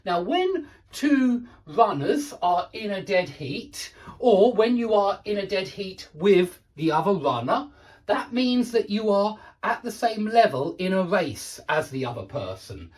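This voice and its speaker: Lively male English teacher. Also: high-pitched, unhurried. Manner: patient, repeats and rephrases with fillers. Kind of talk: casual explanatory vocabulary lesson.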